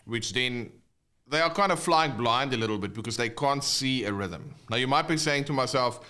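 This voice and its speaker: Bright-voiced male guitar teacher. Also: mid-range voice, animated, moderate pace. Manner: explanatory, casual, with fillers and restarts. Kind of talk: online guitar lesson.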